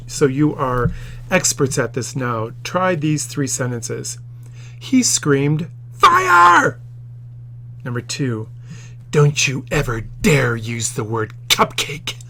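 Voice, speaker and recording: A man in his office teaching a grammar tutorial, explaining patiently and acting out quoted lines with the odd loud shout. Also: fairly high pitch.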